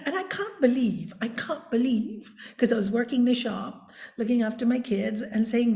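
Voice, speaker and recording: A woman with a warm, mellow voice speaks unhurriedly, like a teacher. She tells reflective stories as a yoga guide. Her voice sits in a roomy, echoing space. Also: on the high side, creaky. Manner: slow, deliberate teaching tone. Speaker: yoga teacher, interview guest. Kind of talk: reflective storytelling. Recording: roomy echo.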